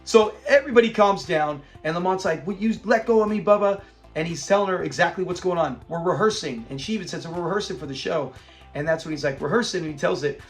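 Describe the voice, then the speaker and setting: A man's voice: high voice, quick pace, faint music behind. A middle-aged man casually reviewing a sitcom episode, retelling scenes with laughter. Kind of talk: casual commentary.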